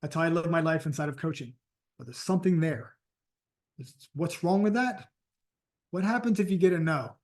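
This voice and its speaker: A man's voice: on the high side, lively intonation, moderate pace, pauses often, darkish tone. A man coaching on sales and prospecting, telling stories in an emphatic, conversational way. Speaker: sales and network marketing coach. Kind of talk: motivational training talk.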